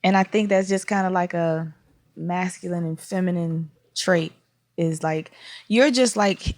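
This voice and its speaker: A woman's voice: on the low side, a little slow, a little mellow, no echo, studio quality. A woman speaking as a podcast guest in casual, reflective conversation, often searching for words.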